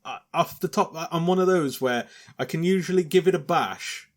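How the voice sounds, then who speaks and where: A man hosting a podcast in casual chat, relaxed and hesitant with frequent fillers. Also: fairly high pitch, normal speed. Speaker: podcast host.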